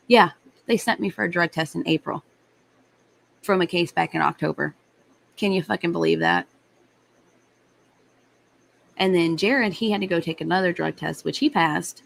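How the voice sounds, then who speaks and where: A woman's voice: lowish voice, moderate pace, creaky, low-quality recording. A young adult woman hosting a live stream, telling a story in a blunt, heated way and swearing freely. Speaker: livestream host. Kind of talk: casual storytelling to live chat.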